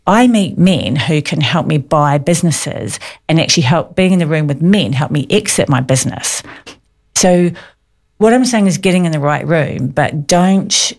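A woman's voice: sits low, lively intonation, moderate pace, darkish tone. A middle-aged woman, talking in a brash, confident way and laughing easily in a casual radio chat. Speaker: guest, business owner.

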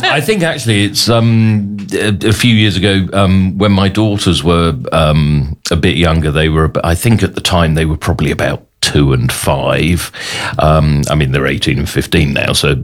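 Man, 40s, very low voice, thoughtful, halting. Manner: hesitant, thoughtful, many ums. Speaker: guest. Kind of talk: casual chat.

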